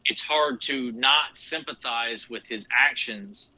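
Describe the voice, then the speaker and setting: A man's voice: mid-range voice, takes it slowly, sharp tone, dry recording, low-quality recording. A man co-hosting a podcast, talking casually and rambling with many restarts and "you know"s. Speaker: podcast co-host. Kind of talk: casual chat.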